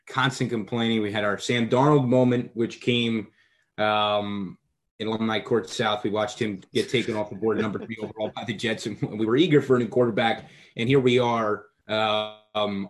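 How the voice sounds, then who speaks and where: Young man co-hosting a sports podcast. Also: fairly low pitch. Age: young adult. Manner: relaxed, conversational with fillers. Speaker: podcast co-host. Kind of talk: casual sports podcast chat.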